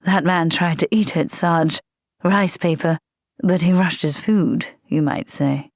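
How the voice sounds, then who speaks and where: A woman voicing a calm, dryly amused male vampire soldier. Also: measured pace, dry recording. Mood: wry calm. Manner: calm, dry, low drawl. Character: cool, wry male vampire private.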